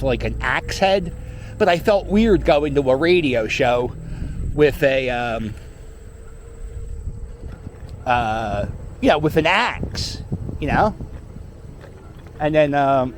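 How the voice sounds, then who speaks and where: A middle-aged man, chatting casually and joking with some cursing as he rides through city streets. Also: fairly high pitch. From Philadelphia. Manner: rambling, joking, profane. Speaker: vlogger riding a scooter. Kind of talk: casual chat while riding. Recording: faint street noise.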